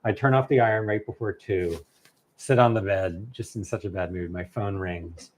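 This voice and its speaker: A man, a novelist, telling a long story in casual conversation, animated and halting with many fillers and restarts. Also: on the low side. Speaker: novelist guest.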